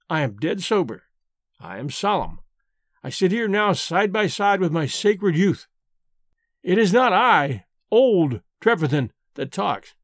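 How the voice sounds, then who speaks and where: A man's voice: sits high, no room sound, clean studio sound. A man reading as an old yarn-spinner. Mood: solemn. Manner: earnest, solemn, emphatic storytelling. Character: old male storyteller reminiscing over drinks. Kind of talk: audiobook reading.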